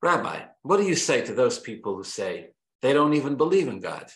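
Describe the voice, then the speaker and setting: Bright-voiced man teaching a Torah class. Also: medium pitch, very animated, a little fast. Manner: reads Hebrew verses aloud, then translates and explains them; emphatic, repeats key phrases for effect. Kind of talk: Torah lesson. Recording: echoey room.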